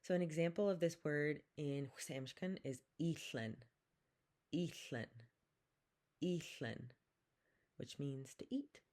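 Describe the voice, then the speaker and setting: A woman teaching a language lesson, saying each vowel slowly and repeating words for the listener to copy. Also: deep voice, a little mellow. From Pacific Northwest, Coast Salish community. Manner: slow and careful, repeats each sound, drawn-out demonstrations. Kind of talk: slow, patient vowel lesson with call-and-repeat.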